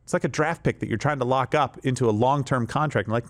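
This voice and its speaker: A man's voice: mid-range voice, quick pace, hardly any pauses. A man hosting political commentary in an emphatic, sarcastic way. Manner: emphatic, sarcastic, animated delivery. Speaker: host.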